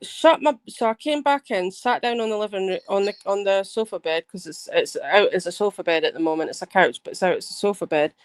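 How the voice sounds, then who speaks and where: A woman's voice: mid-range voice, fairly quick, hardly any pauses, clean tone, dry recording. Chatty woman livestreaming. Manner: animated rambling storyteller, swears, many restarts. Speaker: livestream host. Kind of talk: casual livestream chat.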